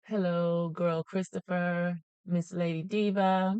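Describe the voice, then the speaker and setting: A woman's voice: on the low side, little pitch movement, slow, a little mellow, clear, resonant tone, dull audio. A woman hosting a live planner stream from home, chatty and greeting viewers by name as she thinks aloud. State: a little out of breath. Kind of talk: casual live-stream chat.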